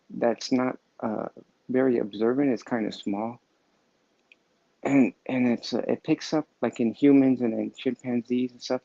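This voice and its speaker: A man hosting a weekly positive message, talking in a halting, rambling way with many restarts and fillers. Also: mid-range voice, creaky, mellow, no echo. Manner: halting, full of restarts and fillers, self-amused. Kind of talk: rambling casual monologue. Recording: dull lo-fi dry recording.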